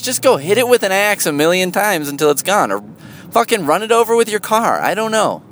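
A man in a casual, rambling monologue, sardonic and full of swearing, jumping into a high, loud voice for emphasis. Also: big pitch swings, fairly quick.

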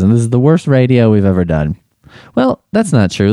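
A man's voice: mid-range voice, huge pitch swings, moderate pace, dark tone, faint music behind. A man hosting a comedic solo podcast, giving crude, sarcastic and exasperated running commentary as he takes a quiz. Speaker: podcast host.

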